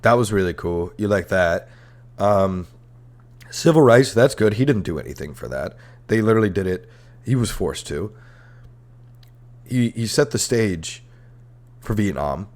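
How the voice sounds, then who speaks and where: A young adult man hosts a comedy history podcast in a casual, irreverent rant. His voice sits somewhat low, and he talks with dry sarcasm, frequent swearing and loose fillers. It sounds close-miked, like a home podcast setup. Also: vocal fry. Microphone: headphones and podcast mic.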